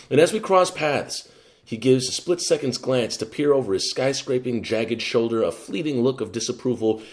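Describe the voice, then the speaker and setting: A young adult man, a guest poet, performing a rhythmic, expressive spoken-word piece and chatting casually. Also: mid-range voice. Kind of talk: performed poetry reading and casual chat.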